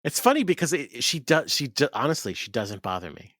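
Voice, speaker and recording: A man's voice: mid-range voice, big pitch swings, brisk, fairly bright tone, no echo. A man co-hosting a podcast, chatting casually with big, exaggerated reactions and frequent laughter. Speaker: podcast co-host.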